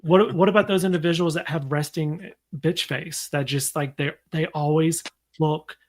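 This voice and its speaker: A man's voice: fairly high pitch, fairly even intonation, moderate pace. A man co-hosting a casual podcast, talking in a playful, storytelling way. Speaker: podcast co-host. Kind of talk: casual chat.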